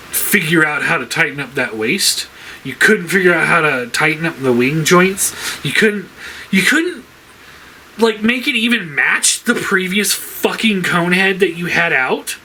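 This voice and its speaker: A man's voice: fairly high pitch, sharp tone, a little hiss or hum. A man ranting casually about his toy collection, rambling with lots of fillers and frequent swearing. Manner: frustrated, swears a lot, rambling with many fillers.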